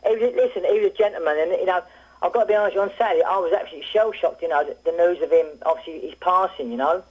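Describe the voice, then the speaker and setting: A man's voice: high voice, racing, a little mellow, husky. A man, a former boxer, telling rambling stories as a phone-in guest on a radio show. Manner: rambling anecdotal storytelling with restarts. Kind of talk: casual phone interview. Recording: muffled phone line.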